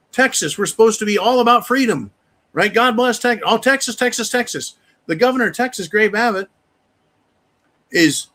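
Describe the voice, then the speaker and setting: A man with a high, slightly bright voice hosts a live show. In this live-stream commentary monologue, he rants heatedly and profanely, repeating things mockingly.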